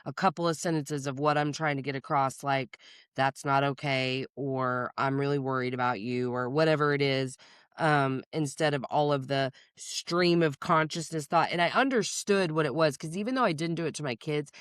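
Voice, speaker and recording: A woman's voice: low-pitched, normal speed, smooth, no room sound, studio quality. A woman therapist hosting a podcast, speaking in candid casual chat, blunt and profane and laughing often.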